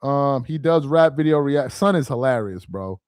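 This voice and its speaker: A man's voice: mid-range voice, lively intonation, normal speed, darkish tone, smooth, no echo, clean studio sound. A man hosting a casual sports talk live stream, reading chat aloud in a loose, slangy, rambling way, ending lines with "man" and "bro".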